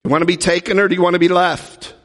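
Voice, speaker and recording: A man's voice: high-pitched, little pitch movement, fast talker, fairly bright tone, long reverb tail. A man preaching a teaching sermon, talking in a conversational way and often asking the audience questions. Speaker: pastor teaching a Bible class.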